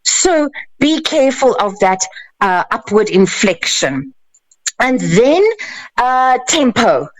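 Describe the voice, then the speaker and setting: A woman's voice: fairly high pitch, big pitch swings, slow, no echo, low-quality recording. A woman, a life coach giving emphatic, playful advice on a radio show. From South Africa. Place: radio studio.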